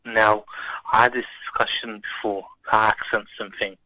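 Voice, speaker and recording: A man's voice: fairly low pitch, flat delivery, normal speed, pushed and bright, dry recording, rough recording. A man calling in to a radio talk show, talking in an emphatic, insistent way. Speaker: caller.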